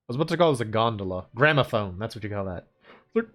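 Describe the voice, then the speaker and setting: A man's voice: lowish voice, fast talker, a bit bright. A man streaming as he draws, chatting in a rambling, laid-back way and chuckling to himself. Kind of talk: casual chat while drawing.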